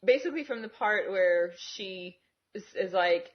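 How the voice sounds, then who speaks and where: A woman co-hosting a podcast in casual chat. She laughs a lot, swears freely and talks at a middling pitch. The recording sounds dull and lo-fi. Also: lively intonation, moderate pace. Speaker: podcast co-host.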